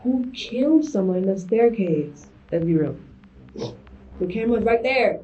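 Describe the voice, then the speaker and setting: A woman's voice: mid-range voice, lively intonation, measured pace, warm tone. Defensive woman on muffled interview tape. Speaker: suspect in a police interview. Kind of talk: recorded interrogation. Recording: muffled lo-fi interview room audio.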